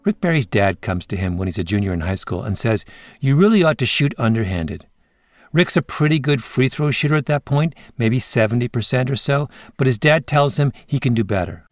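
A male podcast host narrating a scripted story in a measured way, with interview clips in between. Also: mid-range voice, expressive, no room sound.

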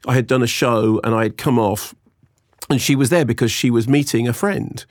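A man's voice: mid-range voice, normal speed, no room sound, clean studio sound. A British man co-hosting a podcast, chatting casually about films and telling stories with acted-out quotes. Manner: animated storytelling, acts out quoted voices. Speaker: podcast co-host. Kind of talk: casual film chat.

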